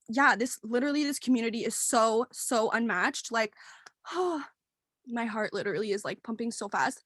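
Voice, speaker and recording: A woman's voice: fairly high pitch, fairly bright tone, no room sound. A young woman in her twenties telling a heartfelt personal story at a work meeting, rambling with many fillers and close to tears. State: tearful, near crying. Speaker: team member sharing her story. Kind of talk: emotional personal testimony. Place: work meeting, dry room.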